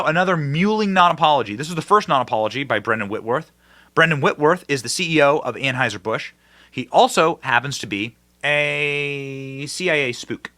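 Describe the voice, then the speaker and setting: A political commentary host speaks in a bright, forceful voice pitched a little high. Emphatic and mocking, he swings widely in pitch and loudness, jumping from loud high bursts to low, quieter asides.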